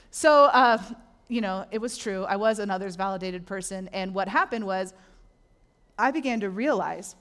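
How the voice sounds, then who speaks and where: A middle-aged woman preaches a sermon as a pastor. Her delivery is animated, and she acts out the voices of the people she quotes. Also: medium pitch.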